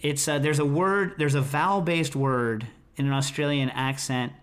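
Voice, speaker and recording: A man's voice: on the high side, fairly even intonation, normal speed. A middle-aged American man hosting a podcast, chatting casually in a rambling, self-interrupting way. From United States. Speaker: podcast host.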